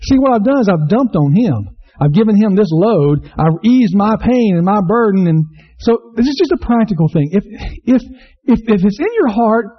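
Male pastor, sermon, higher pitch, earnest, rhetorical questions, slightly dull recording. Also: slightly rough.

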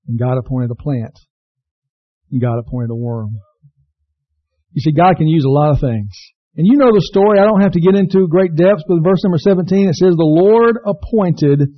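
Folksy high-voiced male preacher. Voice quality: folksy, storytelling. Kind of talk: sermon. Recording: dull lo-fi church recording.

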